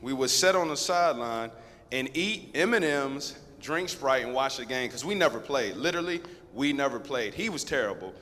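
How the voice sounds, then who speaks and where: A man in his thirties, a guest speaker at a school, telling a lively story straight to the students. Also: medium pitch, normal speed, slight background noise. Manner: lively, conversational, addresses the crowd directly. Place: school assembly hall. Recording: long echo of a big hall.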